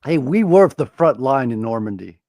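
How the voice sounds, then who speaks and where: A man joins the podcast banter with deadpan, mock-earnest replies. The recording is dry and close. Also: medium pitch, moderate pace, no echo. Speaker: podcast co-host.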